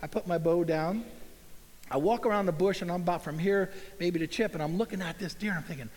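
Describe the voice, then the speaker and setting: Middle-aged man, folksy and animated storyteller addressing a crowd, high-pitched voice, long reverb from a big hall. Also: fast. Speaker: speaker at an event. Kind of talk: storytelling talk to a live audience. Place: large hall with an audience.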